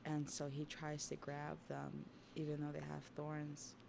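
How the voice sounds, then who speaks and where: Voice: medium pitch, completely flat delivery, a little slow, gravelly, background noise. Laid-back streamer recapping a comic. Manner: laid-back slang, frequent laughs and swearing. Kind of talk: casual livestream comic recap.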